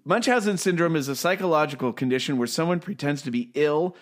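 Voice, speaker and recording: A man's voice: a little high, fast. A man co-hosting a casual chat, sounding incredulous and rambling. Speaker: co-host.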